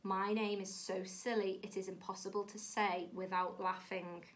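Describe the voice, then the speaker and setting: A woman's voice: mid-range voice, level tone, moderate pace, background noise, natural voice. A woman voicing an indignant wasp with a silly name in a storybook read-aloud, fussy and insistent. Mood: sighing. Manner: fussy, insistent, getting fed up.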